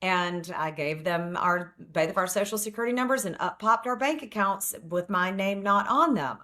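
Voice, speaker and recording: Middle-aged woman, family lawyer guest, mid-pitched voice, frank plainspoken storytelling. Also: animated, normal speed, sharp tone. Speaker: family law attorney and author, guest. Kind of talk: casual interview chat.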